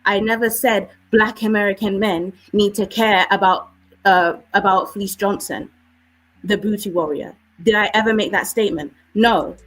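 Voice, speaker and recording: A woman with a British accent, arguing forcefully on a live-stream debate and often asking "okay?". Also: medium pitch, steady tone, moderate pace, low-quality recording. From United Kingdom.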